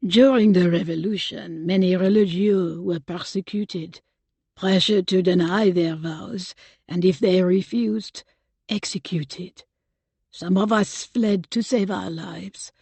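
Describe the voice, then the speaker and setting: A woman voicing a wry, grave middle-aged French nun with a French accent, speaking earnestly and deliberately. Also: lowish voice, fairly even intonation, a little mellow, breathy edge, no echo, heavily acted.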